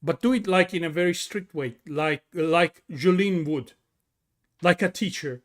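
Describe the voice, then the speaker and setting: Excitable Italian-accented wrestling commentator. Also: male voice, high-pitched, a little slow. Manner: bursts into shouts on big moves, jokey asides to co-hosts.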